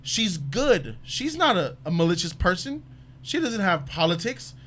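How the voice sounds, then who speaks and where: A man hosting a casual panel talk show about a TV episode, talking in an emphatic, animated way. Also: sits high, a little slow. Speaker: show host.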